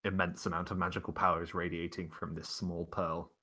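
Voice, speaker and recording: Low-voiced game master narrating. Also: male voice, level tone, a little fast, sharp tone. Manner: descriptive, hesitant with many fillers.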